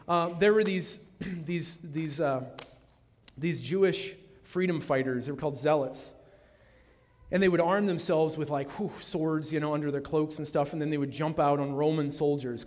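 A man preaching in a church sanctuary with a fairly high voice for a man. His delivery is dramatic, rising to loud proclamation and dropping to a hush. Long reverb from the hall trails every phrase. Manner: dramatic, swings between loud proclaiming and hushed near-whisper. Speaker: pastor. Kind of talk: sermon.

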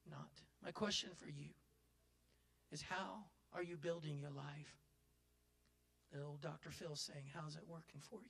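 A male pastor preaching a sermon in a folksy way, building to loud impassioned cries. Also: on the high side, vocal fry.

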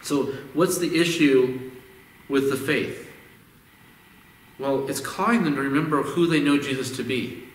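Male pastor at mid pitch, easygoing sermon delivery, recorded from across a reverberant church. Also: unhurried, long pauses. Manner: conversational, repeats words as he restarts phrases. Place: church sanctuary. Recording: echoey hall, distant mic.

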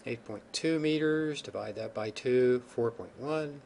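A man's voice: mid-range voice, measured pace, gravelly, a little mellow, a little hiss or hum. A man giving a recorded geophysics lecture over slides, informal and thinking aloud, with many ums and restarts.

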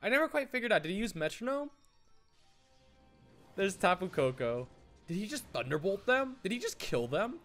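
A man rambles through casual let's-play commentary, stammering and restarting as he gets excited. His voice sits a bit high and swings widely in pitch. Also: moderate pace, pauses often, soft background music. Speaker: gaming YouTuber.

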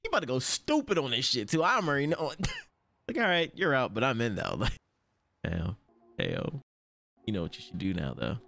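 A man's voice: medium pitch, brisk, vocal fry, long pauses. A man hosting an anime reaction, talking in casual slang with frequent laughs and swearing. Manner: excitable, laughs often, heavy slang and swearing.

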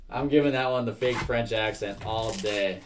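A young man hosting a live card break, reading out one card after another in a brisk, casual way. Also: on the low side, noisy background.

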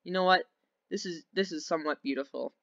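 Young man, gameplay commentary, rambling and excitable, high voice, muffled lo-fi audio. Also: fast, gravelly. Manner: rambling, giggly, easily excited. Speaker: gaming video host. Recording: dull lo-fi sound.

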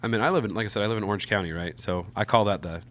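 Man, thirties, podcast guest, wild game chef, very deep voice, animated storyteller. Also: racing, slight background noise. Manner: lively storyteller who acts out the voices in his stories. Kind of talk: casual podcast conversation.

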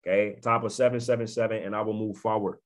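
A man's voice: fairly low pitch, flat delivery, fast. A man giving an emphatic motivational talk on a video call, repeating phrases and often checking in with his listeners. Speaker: network marketing speaker.

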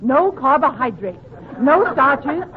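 A man's voice: very high-pitched, sing-song, slow, heavily acted. A man putting on a prim, vain radio wife. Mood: haughty. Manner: haughty, affected, prim. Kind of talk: 1940s radio comedy. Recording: tinny, hissy 1940s radio broadcast.

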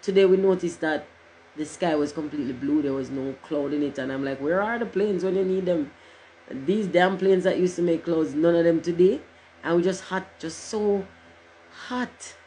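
A woman's voice: deep voice, moderate pace, mellow, a little hiss or hum, rough recording. A middle-aged woman, chatting casually on a livestream in a rambling, joking way and cursing freely. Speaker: livestream host.

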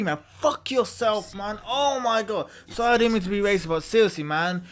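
A young man giving gameplay commentary, ranting and swearing, swinging between yelled outbursts and low muttering. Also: moderate pace. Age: young adult. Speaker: gamer.

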